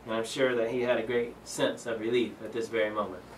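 A man's voice: medium pitch, flat delivery, fast talker, far from the mic, slight background noise. Earnest man teaching scripture in a roomy church. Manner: earnest, explains verses with fillers and restarts. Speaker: Bible study teacher. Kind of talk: Bible study lesson, reading scripture aloud. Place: church room.

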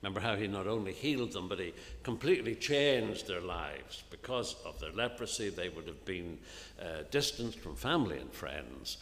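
A man preaching an earnest sermon in a church, often dropping to a soft, hushed voice on key phrases. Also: low-pitched, lively intonation, moderate pace. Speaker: minister preaching. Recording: long reverb of a church hall, faint ambience.

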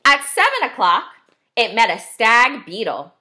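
Slow, bright-voiced woman teacher reading aloud. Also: fairly high pitch. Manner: slow, expressive, asks children questions. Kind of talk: read-aloud for young children.

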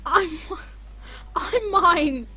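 Woman gamer freaking out at a horror game, slow talker, high bright voice. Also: expressive, a little hiss or hum. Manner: panicky, swearing, talks to herself. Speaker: gaming streamer. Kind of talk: horror game let's play commentary.

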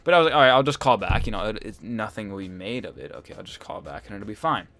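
A man's voice: fairly low pitch, animated, fast, sharp tone, no echo. A young man hosting a gaming channel, telling a rambling, exasperated story over gameplay and swearing often.

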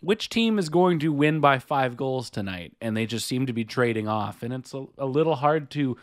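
A man's voice: mid-range voice, lively intonation, normal speed, no echo. A man co-hosting a podcast in casual chat, with a dry, wry, easygoing manner. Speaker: podcast co-host.

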